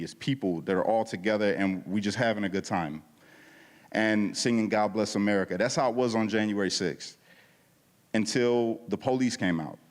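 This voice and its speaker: A man with a fairly low voice tells his testimony from the front of a church, loose and slangy, jumping into the voices of the people in his story. His words ring out with a long reverb in the hall. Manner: animated storytelling, acting out quoted dialogue; casual, slangy. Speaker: guest speaker at a church service. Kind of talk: testimony talk.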